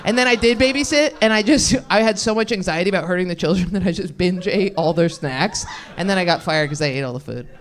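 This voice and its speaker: A woman's voice: lowish voice, quick pace. A woman stand-up comedian doing crowd work on a club stage, brash and laughing, swearing freely.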